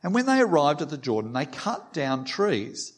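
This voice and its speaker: A man's voice: fairly high pitch, sing-song, normal speed, slightly rough. Man preaching, reading scripture aloud. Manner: reads aloud with small restarts, lightly voicing the quotes. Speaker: pastor.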